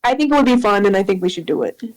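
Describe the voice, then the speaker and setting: A woman's voice: medium pitch, animated, very fast, darkish tone, poor audio. A woman chatting casually on a live stream with friends, playful and teasing, laughing often.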